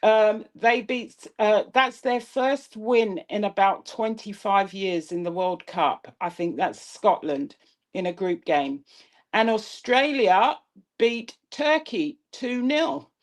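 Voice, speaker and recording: A woman co-hosting a live-stream political commentary show, speaking in a measured, pointed way. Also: medium pitch. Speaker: co-host.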